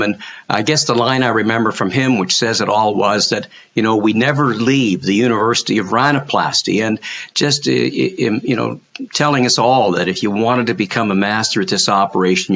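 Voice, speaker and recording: Older guy, lowish voice, rambling back through old stories on a call podcast. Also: creaky, fairly bright tone. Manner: reflective, anecdotal, many restarts. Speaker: guest surgeon. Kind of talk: podcast interview. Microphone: video call.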